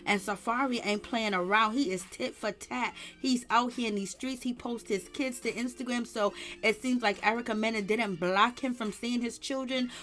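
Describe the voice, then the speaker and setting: A woman giving casual celebrity gossip commentary, retelling the drama with emphatic repetition. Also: mid-range voice.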